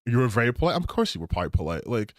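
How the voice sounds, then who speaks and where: A man's voice: mid-range voice, big pitch swings, very fast, dry recording, studio quality. A man hosting a gaming channel, giving heated, sarcastic, profane reaction commentary on a video.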